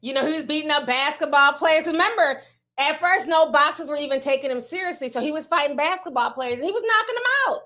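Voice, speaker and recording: A woman's voice: high-pitched, fast, bright, forceful tone. A woman vlogger giving casual gossip commentary, chatty and slangy, often breaking into laughter.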